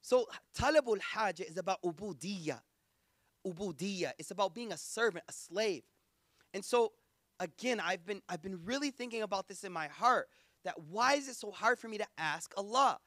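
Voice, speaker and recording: Guy preaching casual, real high voice, dry close sound. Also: animated, moderate pace, bright, forceful tone, no echo. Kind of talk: sermon.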